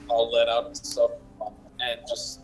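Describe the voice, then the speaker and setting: A man's voice: mid-range voice, monotone, slow, low-quality recording. A man playing a tabletop game, describing his moves hesitantly with restarts. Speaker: player.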